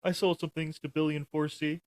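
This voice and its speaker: A man's voice: on the high side, level tone, fairly quick, darkish tone, voice pushed up, lightly acted. A man doing a goofy dim-witted young guy.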